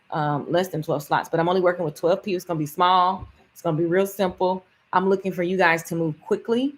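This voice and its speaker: Woman, live-stream coaching pitch, lowish voice, energetic, chatty, talks straight to viewers. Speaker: business coach.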